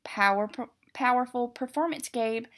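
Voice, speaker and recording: A strict but patient male monster teacher, as a woman reads him aloud from a picture book. He speaks in a measured, formal, instructive way, fairly high in pitch, like a storybook classroom. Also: close to an everyday voice.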